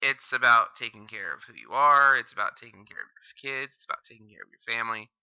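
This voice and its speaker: A man's voice: mid-range voice, animated, fast, sharp tone, smooth. A man hosting a reaction commentary, heckling and insulting the video with constant swearing. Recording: dull lo-fi mic.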